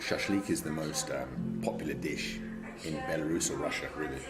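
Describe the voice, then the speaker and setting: A bass-voiced man speaks at normal speed with fairly even intonation, over loud music and loud street noise from a video clip. Vlogging his travels on a handheld camera, he's chatty and wry, first walking town streets, then sitting in a bar.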